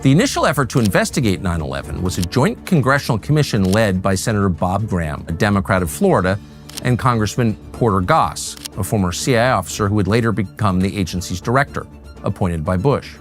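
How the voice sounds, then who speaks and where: A man giving scripted documentary narration in a measured, pointed delivery. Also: on the low side, sing-song, faint music behind.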